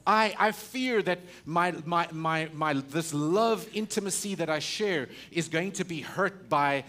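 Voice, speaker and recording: A male pastor preaches in an unhurried way, his sermon full of rhetorical questions and restarts. He alternates between loud emphasis and quiet, low stretches.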